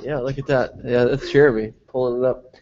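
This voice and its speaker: Nasal guy hosting a live stream interview, jokey, lots of quick follow-ups, kinda dull lo-fi sound. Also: mid-range voice, steady tone, darkish tone. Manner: chatty, joking, asks quick follow-ups. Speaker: interviewer and host. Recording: dull lo-fi mobile broadcast.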